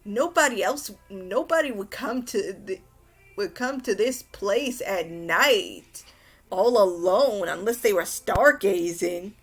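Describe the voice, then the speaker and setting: A woman's voice: medium pitch, animated, takes it slowly, husky, faint music behind, exaggerated voice. A woman voicing a smug young male detective in a theatrical, self-satisfied way while recapping a story.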